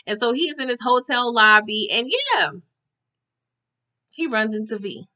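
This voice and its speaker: A woman's voice: a little high, expressive, measured pace, bright, forceful tone, highs cut off. A woman recapping a TV episode in casual chat, often tagging her sentences with "okay?". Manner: chatty, tags lines with "okay?".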